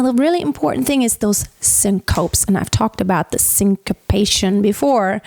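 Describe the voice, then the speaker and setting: A high-pitched woman coaches singing, talking through technique and then singing short demonstrations. Her delivery stays light and flowing. The recording is close and dry, with faint music behind her. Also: mellow, no room sound. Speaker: singing teacher. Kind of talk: vocal lesson with sung demonstrations.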